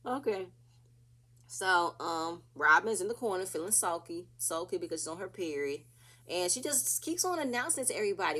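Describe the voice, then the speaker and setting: A woman's voice: mid-range voice, animated, normal speed, fairly bright tone. A woman casually recapping a reality TV episode, chatty and opinionated, acting out what the cast said.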